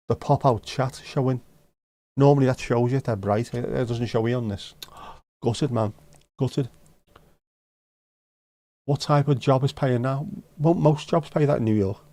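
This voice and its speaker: A man's voice: mid-range voice, dark tone, no room sound. A middle-aged man hosting a live stream, chatting casually and teasing viewers as he reads out their comments. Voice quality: joking, teasing banter. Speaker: livestream host.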